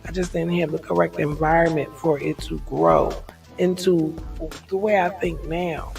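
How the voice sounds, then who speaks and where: A woman vlogger speaks in a frank, rambling monologue, often laughing things off to ease stress. Her voice is gravelly with a fair amount of fry. She sits some way from the mic, with faint music in the background. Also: lowish voice, expressive, moderate pace, distant mic, rough recording. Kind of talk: candid reflective monologue.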